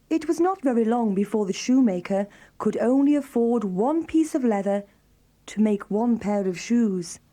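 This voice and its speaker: Mellow woman reading a fairy tale. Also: a little high. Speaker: storyteller. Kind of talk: scripted children's story narration.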